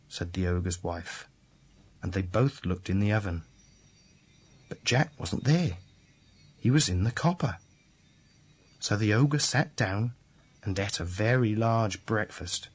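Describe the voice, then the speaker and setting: A man reading a fairy tale aloud, slow and deliberate. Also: on the low side, expressive. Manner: slow, deliberate, repetitive storytelling. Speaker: storyteller.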